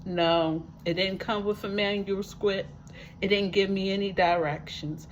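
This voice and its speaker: A woman who uses a wheelchair and lives with a disability vlogs to her viewers in a personal testimonial, speaking emphatically, repeating words for effect and dropping folksy asides. Her mid-range voice is steady and unhurried. The recording is muffled, with slight hiss or hum.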